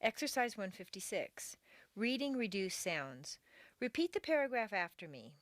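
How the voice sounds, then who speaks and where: A woman leads a recorded pronunciation lesson and reads each example slowly and deliberately. Her intonation swoops up and down well beyond normal speech, because she exaggerates it for learners to copy. The recording is dry and close, with no room sound. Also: medium pitch, very animated, dry recording. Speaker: accent training instructor.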